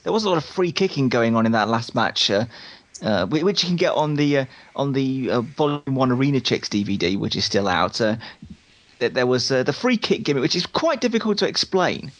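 A man hosting a casual podcast interview, hesitant with many filler pauses. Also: mid-range voice, very animated.

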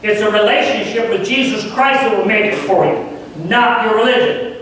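A man with a high voice preaches a fervent, emphatic sermon. The sound is heavily echoey, as if picked up from a distance across a church sanctuary, with a faint hiss underneath. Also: moderate pace, a bit bright. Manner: earnest, emphatic, grows fervent. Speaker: guest preacher.

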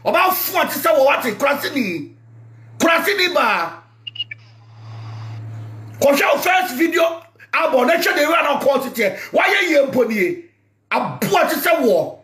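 A Ghanaian man rants like a preacher in a very high voice that swings widely up and down. He shouts often and talks with fierce force. The recording is echoey with a faint hiss behind him. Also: big pitch swings, measured pace, pauses often. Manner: loud, shouting, fiery. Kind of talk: fiery spoken rant. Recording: echoey room, faint noise.

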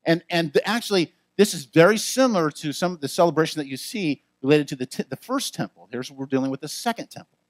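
A male pastor preaching a sermon in a lively, conversational way with frequent asides to the congregation. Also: a little high, fast, no room sound. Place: church.

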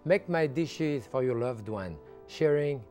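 A man working as a TV chef, walking through a cooking demonstration step by step and adding relaxed asides as he goes. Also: mid-range voice, takes it slowly. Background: background music.

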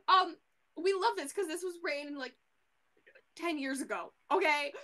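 A woman co-hosting a podcast, casually recapping a book in an animated way, full of fillers and the odd swear. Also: sits high, a little slow. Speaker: podcast co-host.

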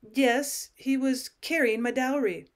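A woman's voice: sits high, steady tone, takes it slowly. A woman reading the part of a distressed young wife stranded in the city, speaking in a pleading, insistent way. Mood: tearful.

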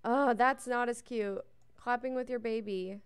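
A woman's voice: a little high, steady tone, measured pace, clear, resonant tone. A young adult woman giving casual, chatty commentary on her life-sim game as a let's play host. She reads the game's text aloud and gushes over cute moments.

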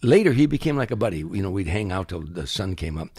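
A man's voice: low voice, fast talker, husky, no room sound, studio quality. An older man, a comedian guest, telling anecdotes in an interview and acting out the quotes. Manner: animated anecdotes, acts out quotes. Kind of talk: storytelling interview.

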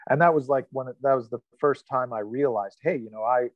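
A man's voice: medium pitch, brisk, dry recording. A man in his thirties, an actor, telling a candid story in a casual interview. He swears freely and laughs as he talks. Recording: dry, slightly muffled lo-fi recording.

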